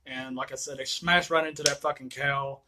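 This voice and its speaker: A man giving a casual, profanity-filled movie review rant, excitable and quick to laugh. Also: mid-range voice, very noisy. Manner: excitable, swears constantly, laughs often.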